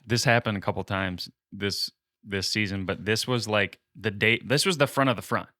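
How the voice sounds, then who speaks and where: Low-pitched man retelling a story. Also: unhurried, no room sound, studio quality. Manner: animated retelling, acting out quoted dialogue. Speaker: podcast co-host. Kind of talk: casual storytelling chat.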